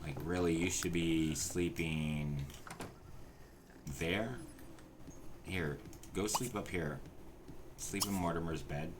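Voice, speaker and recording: Man streamer, low voice, casual profane game commentary, noisy audio. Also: slow, long pauses. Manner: exasperated, profane, talks to the characters.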